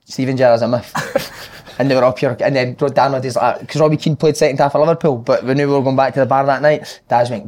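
Give me a quick-talking Scottish man swapping football stories with his mates. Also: mid-range voice, steady tone, darkish tone. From Scotland. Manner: swearing, laughing storyteller, quick banter. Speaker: podcast co-host, ex-footballer. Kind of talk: casual chat, storytelling.

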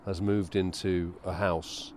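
A man with a lowish voice co-hosts a walking podcast from a small park. He speaks casually with dry, skeptical humor, and faint street noise sits behind him. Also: level tone, takes it slowly, a little mellow. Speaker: podcast co-host. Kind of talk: casual chat and reading aloud on a walk.

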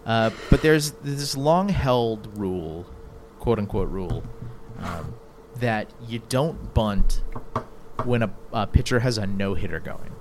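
Animated, exasperated man hosting a talk show. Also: slow pace, background noise. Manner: animated, exasperated, rising to high pitch when incredulous. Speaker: podcast host. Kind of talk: casual chat.

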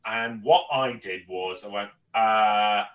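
Heard from a distance with the highs cut off, a Northern Irish comedian guesting on a podcast speaks slowly in a fairly low voice. His casual storytelling rambles, full of stammered restarts and plenty of swearing.

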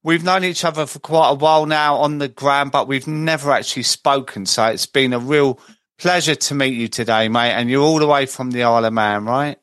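A man's voice: medium pitch, brisk, fairly bright tone, dry recording. A man hosting a podcast, reading a scripted intro and then chatting with his guest in a friendly way. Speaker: podcast host.

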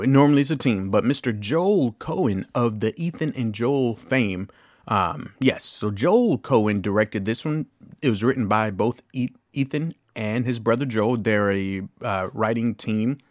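Guy in his late 30s doing his movie podcast, low voice, rambly and casual, swears a bit. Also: dry recording, studio quality. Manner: chatty and loose, with asides, curse words and laughter. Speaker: podcast host. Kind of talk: casual film review chat.

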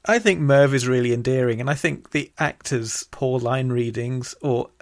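Very low-voiced woman. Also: moderate pace. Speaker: podcast co-host. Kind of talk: casual chat reviewing a TV show.

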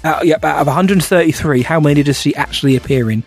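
Man, podcast co-host, light higher voice, casual laughing banter. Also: quick pace, faint music behind. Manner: chatty, laughs often, says mate a lot.

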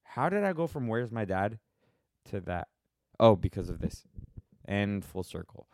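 A somewhat low-pitched American man talks casually on his own podcast, wandering from thought to thought and often cutting himself off mid-sentence. His tone is wry and offhand. The sound is close and dry, with no room around it. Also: very animated, normal speed, creaky, darkish tone, dry recording. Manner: rambling, self-interrupting, wry. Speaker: podcast host answering questions. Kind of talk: casual solo podcast chat.

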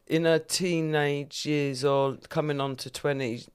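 A woman's voice: deep voice, steady tone, unhurried, clear, resonant tone. A woman comedian talking candidly as a guest in a podcast interview, with a frank, earthy sense of humour.

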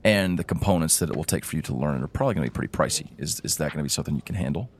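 A man's voice: a bass voice, lively intonation, racing, slight background noise. A man voicing an older male gnome librarian who stammers and fusses nervously. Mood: eager. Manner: stammering, flustered.

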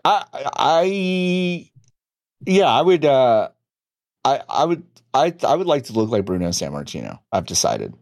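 A man's voice: medium pitch, very animated, unhurried, a little mellow. Jokey rambling podcast man. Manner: jokey, rambling, restarts words. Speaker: podcast co-host. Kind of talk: casual comedic chat.

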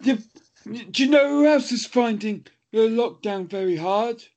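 Very high-voiced man with absurd jokes. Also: expressive, darkish tone. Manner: absurd interjections, drawn-out punchlines. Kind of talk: comic banter. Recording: dull lo-fi sound.

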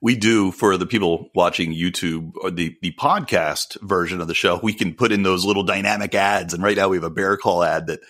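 A man co-hosting a podcast, chatting casually in an animated, rambling way and laughing often. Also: low voice, brisk, few pauses. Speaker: podcast co-host. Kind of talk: casual chat.

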